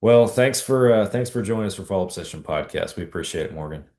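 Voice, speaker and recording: A man's voice: low voice, fast. A man hosting a podcast, easygoing and stumbling over his words as he wraps up. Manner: relaxed, repeats words, many restarts. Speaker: podcast host. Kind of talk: casual interview chat. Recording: echoey room.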